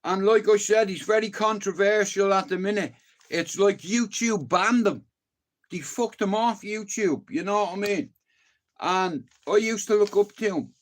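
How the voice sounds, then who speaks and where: A man with a Dublin Irish accent talks loosely to his stream viewers, his voice sitting a little high for a man. He rambles from one thought to the next and swears freely. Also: a little slow. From Dublin, Ireland. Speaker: livestreamer. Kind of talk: casual livestream chat to viewers.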